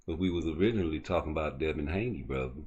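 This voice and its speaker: A man's voice: very deep voice, racing, darkish tone, slightly rough, highs cut off. A man hosting a boxing talk stream, ranting profanely at his chat with rhetorical questions. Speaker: boxing commentary host. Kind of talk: unscripted rant to a live chat.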